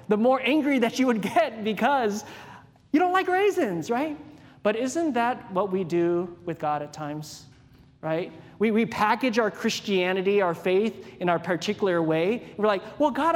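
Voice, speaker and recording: A man's voice: sits high, normal speed, big-room sound. A man preaching a sermon in a conversational way, asking the congregation questions and acting out everyday examples. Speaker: pastor.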